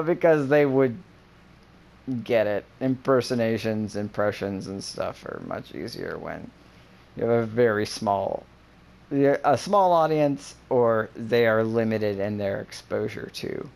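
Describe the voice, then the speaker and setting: A man in casual chat, rambling with many fillers and breaking into profane, animated rants. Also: lowish voice, vocal fry.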